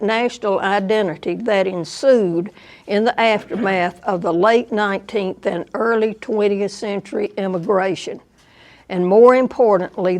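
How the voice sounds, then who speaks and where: A woman with a Southern US accent giving a museum lecture, deliberate and dry, with wry asides to the audience. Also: mid-range voice, a little mellow. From American South. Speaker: guest lecturer.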